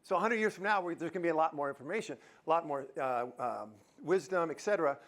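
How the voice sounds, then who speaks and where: High-voiced, lively male keynote speaker. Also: fast. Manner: lively, jokey, quizzes the crowd. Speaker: motivational speaker. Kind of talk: live keynote talk to an audience. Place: university auditorium.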